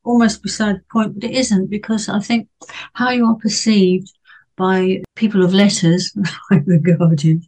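A woman's voice: mid-range voice, fairly even intonation, moderate pace, darkish tone, poor audio. A woman speaking as a panelist in a casual book club discussion, chatty and hesitant, with many fillers and restarts.

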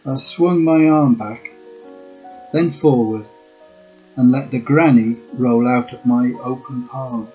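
A man telling a memoir story in a slow, measured reading voice. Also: mid-range voice. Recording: dull lo-fi with faint guitar.

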